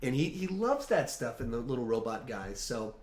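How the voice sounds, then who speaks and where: A man in his thirties hosting a casual live-stream chat, animated, with trailing restarts and fillers. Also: mid-range voice, moderate pace, echoey room, slight background noise. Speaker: host.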